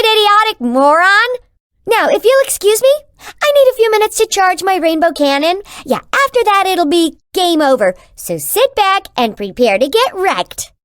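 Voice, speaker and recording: A gleeful taunting rainbow boss from a cartoonish video game. The voice is extremely high and piercingly bright, and it bounces up and down as it sneers in a sing-song way at the player. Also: no room sound, studio quality, heavily acted.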